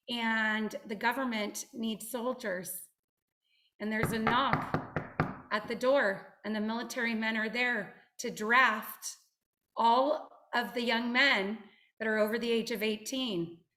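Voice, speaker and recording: A woman guest speaker giving a motivational talk on a video call, telling stories in an animated, emphatic way. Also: fairly high pitch, slow pace. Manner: animated storytelling, direct and emphatic.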